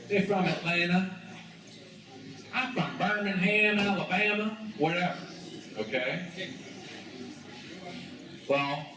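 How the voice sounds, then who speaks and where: Chapel speaker, man, casual storytelling sermon, unhurried delivery, distant mic, huge chapel echo. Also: mid-range voice. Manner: casual, conversational, prompts the audience to join in. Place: school chapel. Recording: very echoey chapel from afar, noisy.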